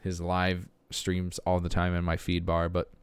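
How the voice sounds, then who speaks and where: A man with a fairly low, smooth voice hosts a podcast and rambles casually. He talks in loose, unscripted commentary full of fillers and restarts. The sound is close and dry. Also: monotone, unhurried, dry recording. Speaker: podcast host. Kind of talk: casual commentary while browsing videos.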